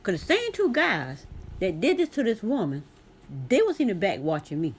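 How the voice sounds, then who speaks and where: A woman's voice: medium pitch, wildly swooping pitch, normal speed, a little hiss or hum. A middle-aged woman, telling a story to camera in a blunt, sassy way. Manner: sassy, blunt, talks straight to viewer. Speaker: vlogger.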